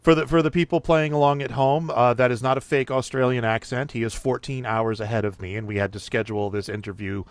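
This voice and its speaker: A man's voice: medium pitch, steady tone, fast talker, hardly any pauses. A man hosting a podcast in casual chat, laughing often and acting out bits of dialogue. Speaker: podcast host.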